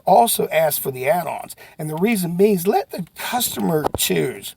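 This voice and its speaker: A man coaching salespeople in a folksy, animated way, now and then breaking into sudden shouts. His pitch sits a bit high and swoops around a lot. The voice is husky and gravelly. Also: moderate pace, hardly any pauses, slight background noise. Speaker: sales trainer. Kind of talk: motivational sales talk to camera.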